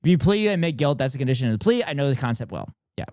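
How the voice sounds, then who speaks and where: A streamer tearing into a debate video with exasperated, foul-mouthed disbelief. The voice swings widely in pitch between outbursts and grumbles. It sits in a dry, close-miked space. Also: big pitch swings, racing, a little mellow, dry recording. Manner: exasperated, profane, incredulous outbursts. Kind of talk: live stream reaction commentary.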